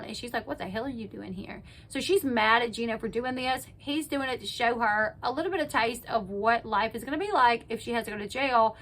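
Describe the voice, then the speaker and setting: Woman host, casual recap vlogger, a little high voice, bright and lively delivery, loves "like". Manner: chatty, peppers speech with "like", acts out quotes. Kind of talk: casual retelling of a reality TV episode.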